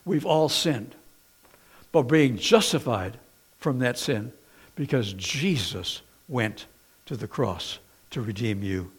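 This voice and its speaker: Man preaching a lively sermon. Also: breathy edge. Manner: swings from loud exhortation to soft, low asides; conversational, personal storytelling with fillers. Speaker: pastor.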